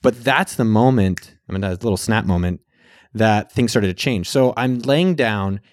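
A man's voice: fairly low pitch, moderate pace. A man vlogging in a casual storytelling style. He speaks candidly, swears freely, and acts out his own past words.

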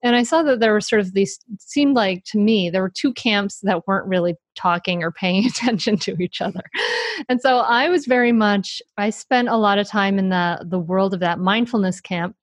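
A middle-aged woman, an author and parenting coach, talking in a casual interview, animated, laughing often and restarting her sentences. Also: mid-range voice, normal speed, dry recording.

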